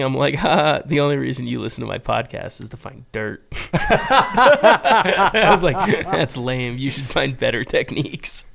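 A young man co-hosting a podcast, telling stories in casual banter, profane and animated, laughing often. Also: mid-range voice, measured pace, creaky. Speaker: podcast co-host.

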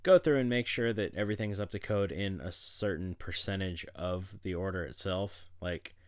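A man's voice: low-pitched, moderate pace, no room sound, studio quality. A man giving a casual, rambling personal update to the camera, swearing freely and chuckling as he goes. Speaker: vlogger.

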